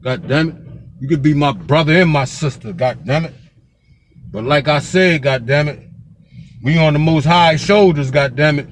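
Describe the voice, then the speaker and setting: Local man from Pennsylvania, heated and profane, raised voice, rapid-fire repetition. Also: on the high side, slight background noise. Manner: fiery, profane, repeats "God damn it". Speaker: local commentator. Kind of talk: street vlog rant.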